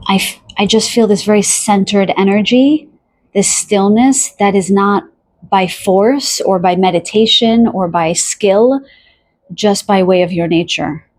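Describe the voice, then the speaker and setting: A woman giving a pick-a-card tarot reading, talking softly and dreamily to the listener, with many fillers, pauses and restarts. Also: mid-range voice. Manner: addresses the listener directly. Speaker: tarot reader.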